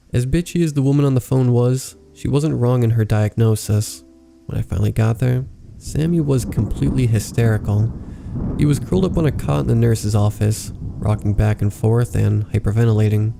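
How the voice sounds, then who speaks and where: A man reading a horror story aloud as narrator, in a calm, measured way. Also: on the low side, gravelly. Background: faint rain ambience.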